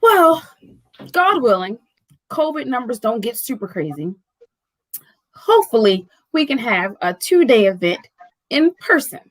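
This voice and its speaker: Bookstore owner, woman, high voice, lively storyteller peppering "like", dry sound. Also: unhurried, long pauses, no echo, rough recording. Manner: animated storyteller, acting out quoted dialogue; fills speech with "like" and "right?". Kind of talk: casual chat.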